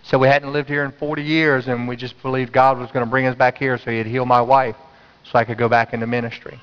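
A man's voice: quick pace, clear, resonant tone. A man from North Carolina, preaching a sermon and telling a story animatedly, acting out his own inner voice. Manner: animated, acts out his own inner voice with sudden high jumps. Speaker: pastor. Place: church sanctuary. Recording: dull, reverberant church sound.

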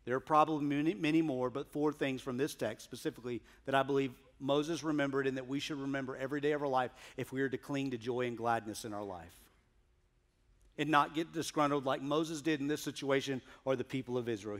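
A man preaching a sermon as pastor, emphatic, swinging from loud declarations to hushed asides. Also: medium pitch, a little fast.

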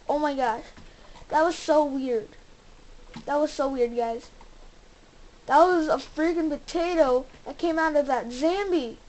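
A young woman hosting a gaming channel, giving casual commentary as she plays and talking excitedly to her viewers. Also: high-pitched, measured pace, pauses often, low-quality recording. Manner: excitable, exclaims and talks to viewers.

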